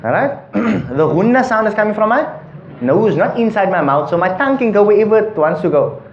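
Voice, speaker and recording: A man's voice: high-pitched, very animated, brisk, dull audio. Man coaching Quran recitation in a roomy class. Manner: patient, coaching, chants verses then explains pronunciation. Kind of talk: recitation class with call and response.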